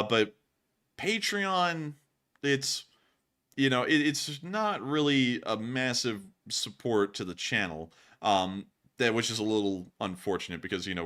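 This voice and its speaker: A man's voice: medium pitch, sharp tone. A young man hosting a news livestream, talking in a loose, rambling way and laughing easily. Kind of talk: casual livestream chat.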